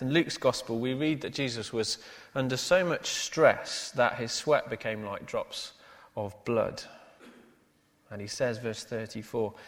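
A male pastor preaching a sermon, with many "uh" fillers and rhetorical tag questions. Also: lowish voice. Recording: long hall reverb.

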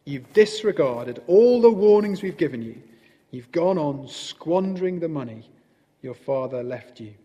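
A man voicing a stern but kindly old male badger from a storybook, severe and measured. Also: medium pitch, lively intonation, dark tone, in a large hall, close to an everyday voice.

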